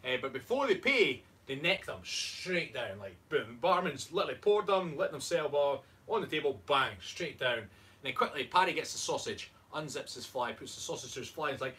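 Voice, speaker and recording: A Scottish man chatting with a playful, jokey manner. His voice is bright and rises and falls a lot. The mic is some way off and faint room noise sits under him. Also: medium pitch, lively intonation, brisk, recorded from a distance. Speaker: co-host, fitness coach. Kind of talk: casual chat.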